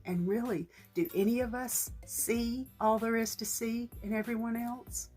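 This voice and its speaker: A middle-aged woman, talking earnestly to her vlog audience in a gentle, shaky, emotional voice. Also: on the high side, fairly even intonation, measured pace, few pauses, faint music behind. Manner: gentle and earnest, with faith talk and small restarts. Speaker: vlogger. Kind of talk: heartfelt personal vlog talk.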